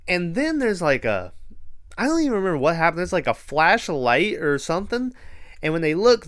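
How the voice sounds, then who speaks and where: Smooth-voiced laid-back podcast host, a man. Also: a little high, a bit bright. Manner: laid-back, rambling, swears freely. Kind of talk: casual movie recap.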